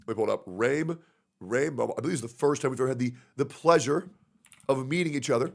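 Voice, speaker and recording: A man's voice: mid-range voice, fast talker, gravelly. A man livestreaming, ranting in a profane, sarcastic way. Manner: profane, sarcastic, acts out mocking impressions. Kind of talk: livestream rant.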